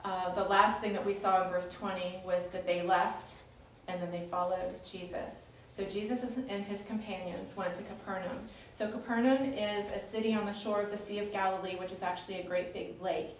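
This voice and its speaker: A woman's voice: medium pitch, flat delivery, moderate pace, hardly any pauses, a little hiss or hum. Woman teaching scripture in an echoey room. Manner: chatty and explanatory, with fillers and restarts. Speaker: Bible study leader. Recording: echoey room, distant mic.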